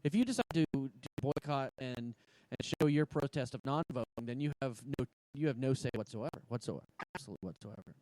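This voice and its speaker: A man from Vermont hosting a casual podcast chat, talking quickly and excitably and laughing often. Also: medium pitch, noisy background. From Vermont, USA. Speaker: podcast host.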